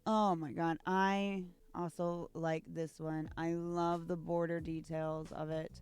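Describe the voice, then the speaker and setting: A woman's voice: fairly low pitch, level tone, takes it slowly, a little mellow, clear, resonant tone, dry recording, faint music behind. A young woman opening trading card packs at home, gushing over the art and reading card text aloud. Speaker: card-unboxing YouTuber. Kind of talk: casual card unboxing commentary.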